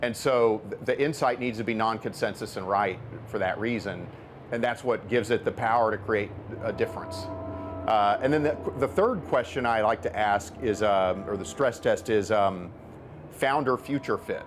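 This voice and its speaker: A middle-aged man with a lowish voice lays out his ideas in a relaxed, explanatory interview manner, stumbling over repeated words as he thinks aloud. A faint hiss sits under the recording. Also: moderate pace. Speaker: venture capitalist and author. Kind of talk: conversational interview answers.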